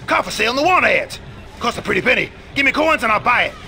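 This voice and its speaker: A brash, bossy bandicoot tough guy in a video game, gravelly and blustering. His voice sits very high and sounds sharp and bright. The game audio sounds set back from the mic. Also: big pitch swings, quick pace, faint music behind, full character voice. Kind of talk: video game cutscene acting.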